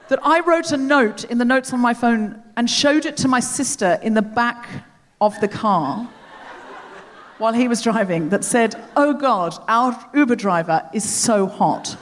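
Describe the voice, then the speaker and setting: Woman comedy host, live onstage, expressive and bouncy, long hall reverb. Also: a little high. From Australia. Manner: animated, self-deprecating, laughing often. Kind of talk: live stand-up style chat. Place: large theatre stage. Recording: reverberant theatre, faint audience noise. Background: audience laughter.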